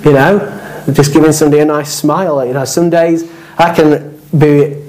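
A man's voice: on the high side, fairly even intonation, moderate pace, darkish tone, rough recording. A man preaching a sermon, earnest and repetitive, with casual asides. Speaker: pastor.

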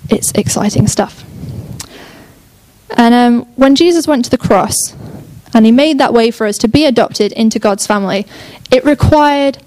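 Young woman preacher, sermon, enthusiastic and chatty, fairly high voice. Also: moderate pace, darkish tone. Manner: enthusiastic, chatty, self-interrupting.

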